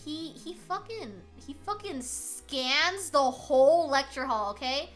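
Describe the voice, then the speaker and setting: A young adult woman streaming, telling a story in a casual, animated chat full of filler words. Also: sits high, slow, faint music behind.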